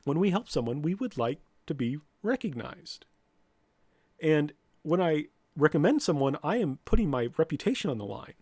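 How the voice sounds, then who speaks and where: A man's voice: on the high side, normal speed, dry recording, clean studio sound. A man, a professor, lecturing students bluntly and directly, now and then acting out what people say. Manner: blunt, direct, with lively mock-quotes.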